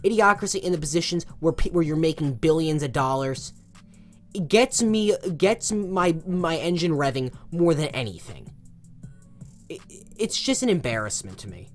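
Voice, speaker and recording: A young man giving a passionate, exasperated opinion rant as a sports commentator, swinging between loud outbursts and low muttering. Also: lively intonation, normal speed, soft background music.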